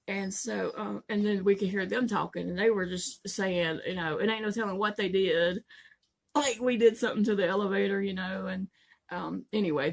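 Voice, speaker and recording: A woman's voice: mid-range voice, gravelly. A woman, telling a story in a chatty vlog and laughing often along the way. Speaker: vlogger.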